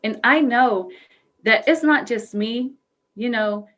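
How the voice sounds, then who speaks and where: A young woman with a fairly high voice speaks as a guest on a live show. She talks earnestly and from the heart. Her sentences are loose and full of "you know". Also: takes it slowly, fairly bright tone, dull audio. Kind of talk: casual live-show chat.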